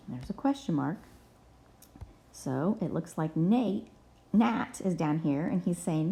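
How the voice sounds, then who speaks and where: Brief: woman teacher for a kids' reading lesson, mellow tone, spells words out letter by letter. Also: lowish voice, expressive, a little slow. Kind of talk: reading lesson for young children.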